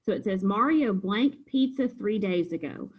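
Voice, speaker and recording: A woman's voice: mid-range voice, expressive, moderate pace, slightly rough, highs cut off. A woman teacher patiently walking students through a homework review, step by step. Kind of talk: recorded homework review lesson.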